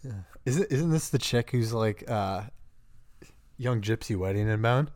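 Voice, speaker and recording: A man's voice: mid-range voice, unhurried, darkish tone, dry recording, studio quality. A young man with a mid-range voice trades jokes with his co-host. He teases, cracks asides, and laughs easily, keeping the chat loose. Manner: teasing, laughs often, jokey asides. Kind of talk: casual chat.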